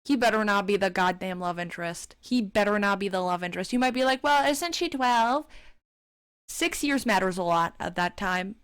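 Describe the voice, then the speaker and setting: A woman's voice: mid-range voice, fairly quick, hardly any pauses, fairly bright tone, clean tone, dry recording, clean studio sound. A woman giving sarcastic, exasperated commentary while reviewing a webcomic, with frequent swearing. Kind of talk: casual commentary reading.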